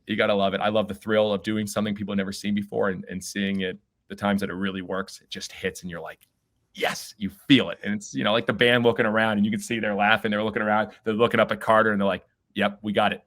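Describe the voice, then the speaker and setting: Energetic man telling stories. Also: fairly low pitch, quick pace. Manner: energetic, enthusiastic storytelling. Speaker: guest, baseball team owner. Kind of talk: conversational podcast interview.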